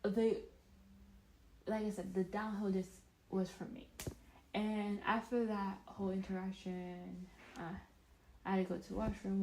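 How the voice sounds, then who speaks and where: A young woman casually telling a storytime vlog, rambling with restarts and sudden animated bursts of loudness. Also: medium pitch, a little hiss or hum, poor audio. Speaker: vlogger.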